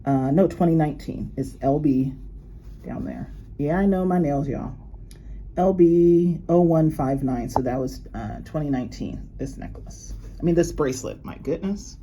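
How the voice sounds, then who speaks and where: A woman's voice: deep voice, normal speed, dark tone, slight background noise. A woman chatting casually and rambling as she shows off her new jewelry, laughing often. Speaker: luxury unboxing vlogger. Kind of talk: casual show-and-tell chat.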